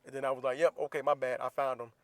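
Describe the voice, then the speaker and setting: Man, podcast host, casual storyteller, mid pitch, dry close recording. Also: level tone, very fast, a bit bright, no echo. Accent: US Southern. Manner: storytelling, teasing, acts out quoted dialogue; earnest, advice-giving.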